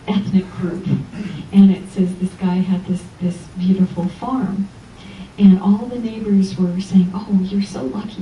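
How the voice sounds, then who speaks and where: Dark-voiced woman lecturing in an echoey hall. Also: lowish voice, slight background noise. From Los Angeles. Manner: animated storytelling, acting out quoted voices. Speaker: spiritual teacher giving a Sunday lecture. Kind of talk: inspirational church lecture. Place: church hall. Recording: echoey church hall from far off.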